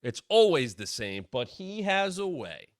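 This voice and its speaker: A man's voice: fairly high pitch, very animated, a little slow, no echo, studio quality. A man hosting a wrestling podcast, talking in a blunt, opinionated way with casual swearing. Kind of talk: opinionated commentary.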